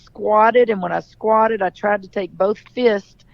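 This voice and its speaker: A woman's voice: medium pitch, steady tone, measured pace, creaky, no echo, muffled recording. A middle-aged woman from Louisiana, a basketball coach answering interview questions in a forthright, storytelling manner.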